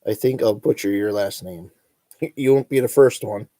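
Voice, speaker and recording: A middle-aged man with an Upper Midwest accent, hosting a relaxed, rambling chat and chuckling as he goes. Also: lowish voice, moderate pace, no room sound. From northern Wisconsin. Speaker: host. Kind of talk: casual chat reading live comments.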